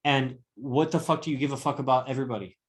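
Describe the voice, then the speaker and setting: A male coach in front of a class speaks at a middling pitch. He is confrontational and profane, and he berates his students. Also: fast talker. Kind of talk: live classroom lecture.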